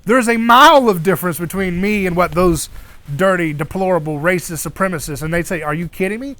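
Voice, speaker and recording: Animated man acting out quoted voices. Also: high-pitched, brisk, no echo. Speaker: host. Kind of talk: casual discussion. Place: around an outdoor fire.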